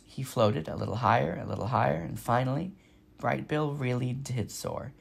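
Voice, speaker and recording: A man reading a children's novel aloud with expressive storytelling. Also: mid-range voice, vocal fry, husky. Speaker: reader.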